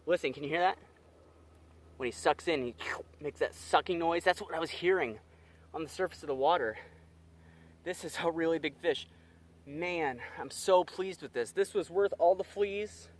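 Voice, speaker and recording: A young man filming a fishing vlog outdoors by a creek, talking straight to his viewers with excitable energy. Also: on the high side. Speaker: wildlife vlogger.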